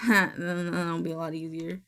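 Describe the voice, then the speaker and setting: A woman's voice: lowish voice, flat delivery, slow pace, fairly bright tone. A woman streaming live, chatting casually and rambling while reading on-screen text aloud. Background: music playing.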